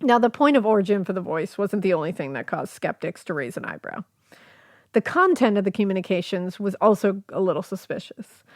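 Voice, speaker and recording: A woman's voice: mid-range voice, animated, fairly quick, no echo, clean studio sound. Chatty woman podcast host. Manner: reads quotes, laughs easily, chatty with fillers. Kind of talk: casual storytelling podcast chat.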